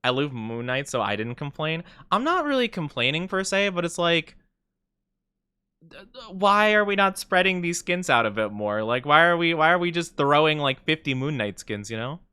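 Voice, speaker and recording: A young man chatting casually on a game live stream, playful and jokey, with bursts of mock self-pity and quick laughs. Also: fairly high pitch, big pitch swings, bright, forceful tone, clear, resonant tone, dry recording.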